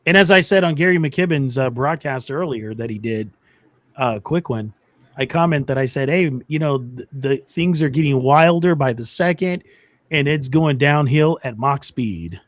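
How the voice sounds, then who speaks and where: A man hosting a live talk show, chatting casually, agreeable and quick to laugh. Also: medium pitch, no echo.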